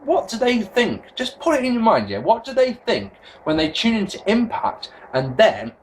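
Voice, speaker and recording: This is a young English man on a casual vlog rant, swearing and tripping over his own restarts. His fairly high voice swings up and down with real energy. A faint hiss sits under the camera mic. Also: moderate pace, rough recording. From England. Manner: ranting, animated, swears freely, many restarts. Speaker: wrestling vlogger.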